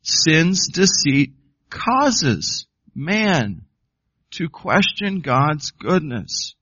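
A man's voice: fairly high pitch, sing-song, very slow, sharp tone, slightly rough, no room sound, highs cut off. A man preaching a sermon as pastor, emphatic, often putting questions to the congregation.

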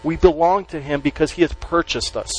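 A man preaching a sermon to a congregation, stressing key words slowly and letting his voice drop at the ends of phrases. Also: fairly high pitch, soft background music, poor audio. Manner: emphatic, with slow stressed words and dropped endings. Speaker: pastor.

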